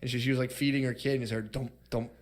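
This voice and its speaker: A man's voice: medium pitch, little pitch movement, very fast. A man in his thirties, a podcast co-host, telling crude stories in a rambling, casual way and acting out quotes. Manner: rambling, laughs often, acts out quotes.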